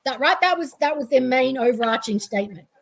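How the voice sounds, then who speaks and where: An Australian woman guest on a casual podcast, talking with animated energy and sarcastic asides. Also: high voice, fairly quick, vocal fry, poor audio. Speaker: guest advocate.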